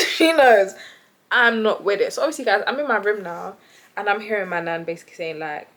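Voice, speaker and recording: A young woman who tells a story in a casual, animated, chatty way and laughs often. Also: medium pitch, a little fast. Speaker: vlogger.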